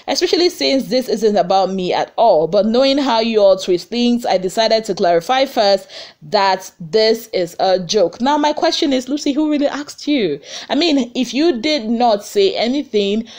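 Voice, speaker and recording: Chatty Nigerian woman dishing celebrity gossip. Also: fairly high pitch. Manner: chatty, animated, with rhetorical questions and pidgin asides. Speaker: entertainment gossip vlogger. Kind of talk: casual gossip commentary.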